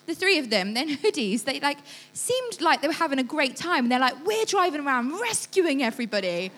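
A woman's voice: sits high, fairly quick. A young woman giving a sermon, telling a story with lots of laughter and acted-out voices. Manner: lively storytelling, acts out voices, laughs often. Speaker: church speaker.

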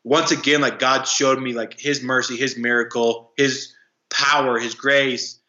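A young man tells his story in a halting, restart-heavy way with a bright, forceful voice. His sound is roomy and a little dull and lo-fi. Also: medium pitch, flat delivery. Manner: halting, many fillers and restarts. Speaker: guest, anti-trafficking worker. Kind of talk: casual storytelling interview.

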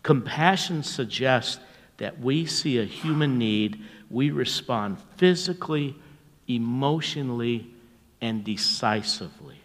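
An older man preaching as a pastor, telling stories in a folksy, chuckling way and dropping to a hushed voice at tender moments. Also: mid-range voice, expressive, slow pace, in a large hall. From North America. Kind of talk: storytelling sermon.

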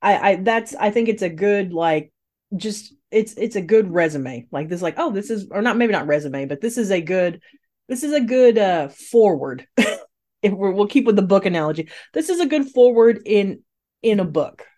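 A woman's voice: medium pitch, expressive, moderate pace, warm tone. A woman hosting a casual podcast chat, often hesitant and searching for words. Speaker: podcast host.

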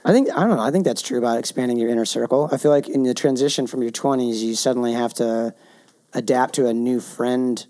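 This podcast co-host is a man in his twenties who chats casually and laughs easily. He talks quickly in a steady, mellow, medium-pitched voice.

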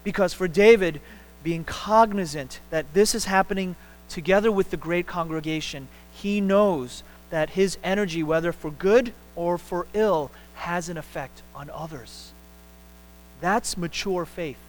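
A man preaching a sermon as a pastor in a church, talking in an animated way with many repeated words and restarts, climbing up for his emphatic points. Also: high voice, unhurried, rough recording. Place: church sanctuary.

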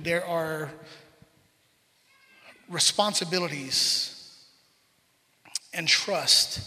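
A man in his forties preaching a conversational sermon as a pastor, telling animated family stories. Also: high voice. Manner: animated storytelling, acts out family scenes. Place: church sanctuary. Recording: reverberant hall.

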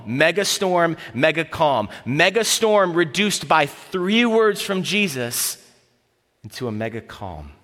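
A man preaching a sermon as pastor, telling the story vividly with repeated phrases and dropping to a hushed voice at key moments. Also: mid-range voice, long reverb tail.

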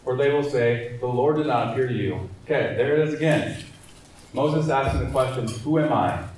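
A man's voice: medium pitch, normal speed, darkish tone, recorded from a distance, a little hiss or hum. A man in his thirties leads a church training session. He reads scripture and explains it in an earnest, casual way. His voice comes from across a very echoey room, well away from the mic. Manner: casual and earnest, with fillers and restarts. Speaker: evangelism trainer.

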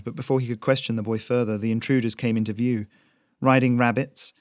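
A man reading a story aloud in a slow, measured narration. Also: fairly low pitch, a little mellow, no room sound, studio quality.

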